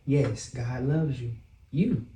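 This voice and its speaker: A man with a Southern American accent tells his personal story, earnest and reflective, with the odd hesitation. His voice is mellow and dark. He is recorded from a distance in an echoey room with a faint hum behind him. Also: medium pitch. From Southern United States. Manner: earnest and open, slow and reflective, with some hesitant "um"s. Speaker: guest singer.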